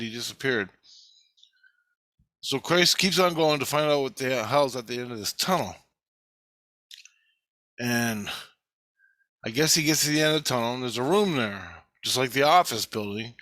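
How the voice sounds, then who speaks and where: A man with a medium-pitched, sharp voice, captured in a dry recording, casually relates something that happened to him. He swears freely and performs the quoted lines as he goes.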